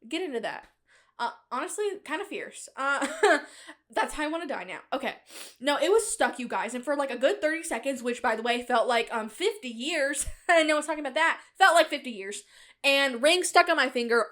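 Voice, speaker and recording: A woman's voice: on the high side, lively intonation, moderate pace, fairly bright tone. A young woman hosting her own show, telling a rambling comic story in a bubbly, self-mocking way with frequent laughs. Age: young adult. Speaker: podcast host. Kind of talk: casual comedic monologue.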